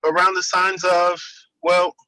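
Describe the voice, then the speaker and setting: A man hosting an interview, responding in a slow, measured, reflective way. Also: sits high, little pitch movement, sharp tone, no echo, poor audio. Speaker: podcast host. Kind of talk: casual interview.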